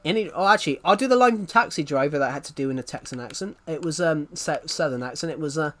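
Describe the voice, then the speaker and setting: A young man with a slightly high voice rambles through casual live-stream chat. He is self-deprecating, chuckles often, and trips over his own sentences as he goes. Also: lively intonation, fast, a bit bright.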